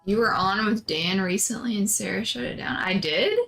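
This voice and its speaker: A woman's voice: medium pitch, normal speed, creaky, a bit bright, soft background music, poor audio. Rambling woman co-hosting a livestream. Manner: rambling storyteller, trails off with "anyway". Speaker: co-host. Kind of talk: casual livestream chat.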